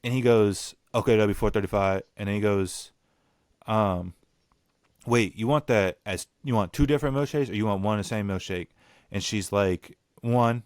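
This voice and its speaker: A man's voice: on the low side, moderate pace, darkish tone, dry recording, clean studio sound. A young man hosting a casual podcast chat, ranting bluntly and swearing. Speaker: podcast host.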